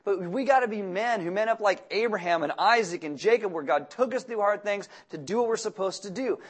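A male pastor giving a sermon in a conversational, joking way. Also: high-pitched.

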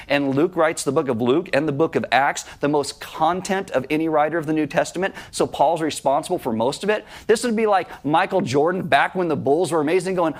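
A man delivers a sermon to his congregation, speaking in a conversational, self-deprecating way. His voice sits a bit on the high side for a man. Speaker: pastor.

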